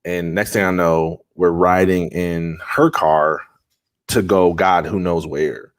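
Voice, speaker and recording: Male podcast guest, low voice, earnest and conversational storytelling. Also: steady tone, slow pace. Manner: earnest, conversational, with frequent restarts and fillers. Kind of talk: personal storytelling in a podcast interview.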